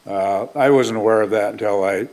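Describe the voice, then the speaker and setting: A man, a county commissioner, raising a concern at a board meeting in a measured way. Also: lowish voice, darkish tone. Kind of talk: public meeting remarks.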